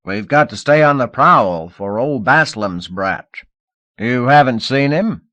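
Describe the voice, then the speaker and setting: A man playing a loud, gossipy police sergeant. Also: medium pitch, expressive, no room sound, voice pushed up. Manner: loud, folksy, drawn-out lines.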